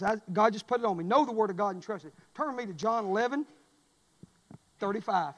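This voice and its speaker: A man preaching a folksy sermon, telling stories and rising into shouts. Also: high voice, lively intonation, fairly quick, lo-fi sound. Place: church sanctuary. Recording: long reverb of a church hall.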